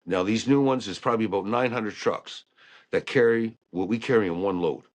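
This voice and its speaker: A man telling stories about working on ships in a casual, animated way. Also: lowish voice, fairly quick. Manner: animated storyteller who acts out quotes. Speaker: guest, ship engineer. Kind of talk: casual storytelling chat.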